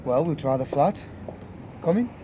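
An actor playing a fussing, fretful shopkeeper. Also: male voice, a little high, expressive, normal speed, noisy background, close to an everyday voice.

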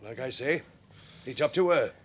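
An actor playing a measured, placating man caught in a row, in a soap opera scene. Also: mid-range voice, expressive, slightly rough. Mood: calm. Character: calm Welsh poet rival, steady and unflustered.

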